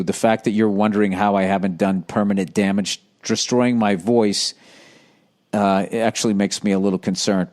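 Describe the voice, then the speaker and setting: A middle-aged man hosting a casual solo podcast, reading listener letters aloud in a rambling, profane way with sudden excited outbursts. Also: lowish voice. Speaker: podcast host.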